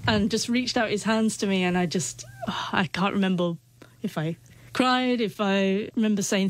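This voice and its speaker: A woman speaking as an interview guest, her words catching and repeating as she stutters through a heartfelt personal story. The voice sits at an ordinary middle pitch. It is recorded close and dry, with almost no room sound. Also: normal speed, few pauses, no echo.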